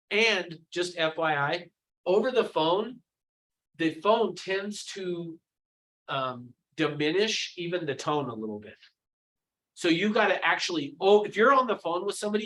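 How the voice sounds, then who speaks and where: A high-pitched man runs a sales training session. He is animated and demonstrative and quizzes his audience as he acts out phone calls. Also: low-quality recording. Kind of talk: live training session with role-play.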